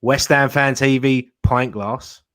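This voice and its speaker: A man's voice: mid-range voice, fairly even intonation, slow, a bit bright. A man hosting a live fan chat show, joking and laughing a lot as he leads the talk. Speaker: host.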